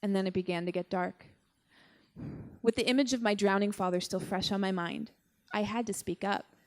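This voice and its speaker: A young woman performing a personal story on stage at a live show, with a wry, deadpan delivery and dramatic pauses. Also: medium pitch.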